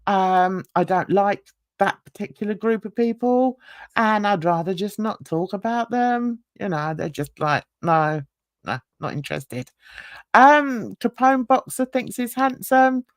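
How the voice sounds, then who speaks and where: A woman's voice: mid-range voice, measured pace, no echo, studio quality. A woman on a livestream panel, chatting casually, laughing often and mimicking other people's voices.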